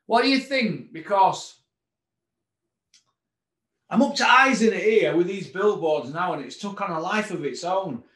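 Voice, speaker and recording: A man's voice: high voice, lively intonation, measured pace, pauses often, fairly bright tone. Sarcastic man ranting, roomy sound. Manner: sarcastic, mocking, rhetorical questions. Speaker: boxing commentator host. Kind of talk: ranting casual monologue. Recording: roomy echo.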